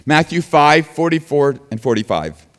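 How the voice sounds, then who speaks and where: Earnest preaching man, lively pitch. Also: normal speed, in a large hall. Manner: earnest preaching with rising emphasis and restarts. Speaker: pastor. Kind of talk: sermon.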